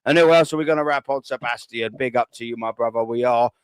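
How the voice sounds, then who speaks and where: A man hosting a live fan show, giving loud, boisterous shout-outs with plenty of swearing. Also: medium pitch, fast, clear, resonant tone, no echo.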